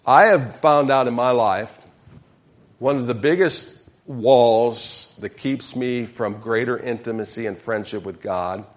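A man preaching a sermon as pastor, leading call-and-response with his congregation and speaking emphatically. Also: on the low side.

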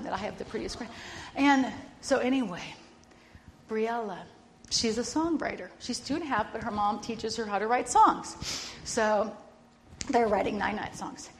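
Older woman co-host, lively faith chat, loud and laughing, somewhat high voice, faint hiss behind. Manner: animated, storytelling, laughs often; loud and bossy by her own account. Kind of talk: casual faith-based chat.

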